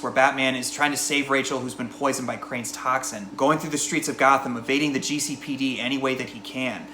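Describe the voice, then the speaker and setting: A man's voice: mid-range voice, pushed and bright, echoey room, slight background noise. Chatty man reviewing a movie. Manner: chatty, mimics voices from the film. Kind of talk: casual film review.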